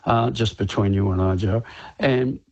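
An older Australian man talks in a loose, rambling way, full of filler phrases and quick laughs. His voice is husky. The studio sound is dry and close. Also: lowish voice, darkish tone, dry recording, muffled recording. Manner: rambling, many "you know"s, laughs often. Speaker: rock singer guest. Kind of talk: casual radio interview.

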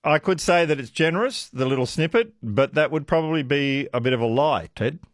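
A man's voice: a little high, lively intonation, brisk, dry recording, studio quality. A man hosting a radio quiz with callers, chatty and self-deprecating, laughing often. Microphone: studio microphone.

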